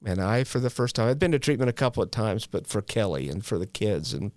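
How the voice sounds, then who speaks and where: A man's voice: lowish voice, expressive, fast, a little mellow, no room sound. A man in his forties, a guest telling his recovery story in a frank, self-deprecating way with wry humor and slangy asides. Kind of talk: candid personal storytelling.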